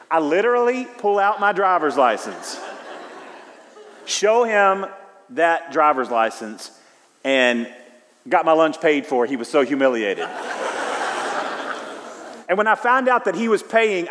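A middle-aged man from Houston preaching a sermon as pastor, telling stories in a lively, conversational way with frequent restarts. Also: fairly high pitch. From Houston, Texas. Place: church sanctuary. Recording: long hall reverb.

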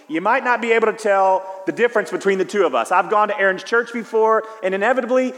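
A middle-aged man from Houston preaching a sermon as pastor, telling stories in a lively, conversational way with frequent restarts. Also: high-pitched. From Houston, Texas. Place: church sanctuary. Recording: long hall reverb.

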